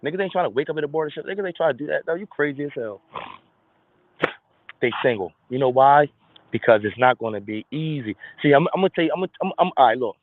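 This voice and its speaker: Fast-talking blunt man, tinny sound. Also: a little high, lively intonation. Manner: blunt, profane, acts out quick voices. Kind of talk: casual monologue.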